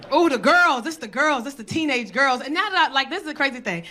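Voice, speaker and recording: Brash high-voiced New York woman comic. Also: expressive, quick pace, hardly any pauses. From South Bronx, New York. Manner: brash, profane, teasing the crowd. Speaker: stand-up comedian. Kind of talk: stand-up comedy with crowd work. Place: comedy club stage with live audience. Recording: live club recording with loud crowd laughter.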